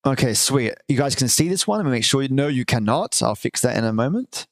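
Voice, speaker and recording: A man hosting a live stream, chatting casually and warmly with viewers and reading aloud, with the odd swear. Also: medium pitch, lively intonation, fairly quick, no room sound. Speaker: livestream host.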